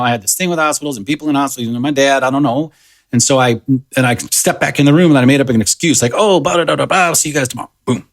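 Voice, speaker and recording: A man in his thirties, a podcast guest, telling a personal story in a casual, halting way with many fillers and restarts. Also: medium pitch.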